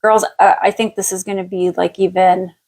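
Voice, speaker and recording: In a rough-sounding live stream recording, a fairly low-pitched psychic medium offers a past-life reading. She chats in a relaxed way and laughs readily, her thinking spoken aloud in a halting stream of fillers, restarts, and pauses to find the next word.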